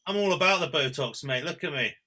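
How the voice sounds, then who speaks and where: A man's voice: fairly high pitch, lively intonation, fast, sharp tone. A man hosting a podcast, bantering and swearing casually. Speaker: podcast host.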